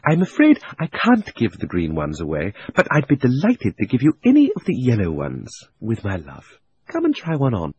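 A man playing a crafty old magician uncle who coaxes and flatters while hiding his greed. He stretches his words slowly, and his pitch climbs and swoops, over a husky audiobook voice. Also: lo-fi sound. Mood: wheedling. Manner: wheedling and sinister, drawn-out words. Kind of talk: audiobook reading.

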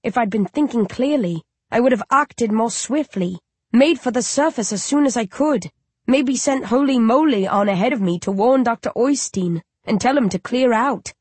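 A woman narrating an audiobook in first person, in a measured, reflective storytelling manner, close to the mic. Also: a little high, a little mellow, slightly rough, no echo.

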